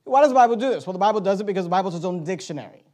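A man with a very high voice delivers an emphatic sermon. He leans hard on key words and puts rhetorical questions to his listeners, pausing to read verses aloud. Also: expressive, darkish tone. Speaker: preacher.

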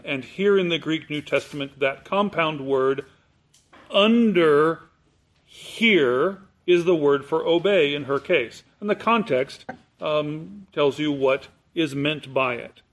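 A man preaching a sermon, explaining scripture word by word in a deliberate, emphatic teaching manner. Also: on the high side, animated, a bit bright. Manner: slow, deliberate, explanatory, stresses key words.

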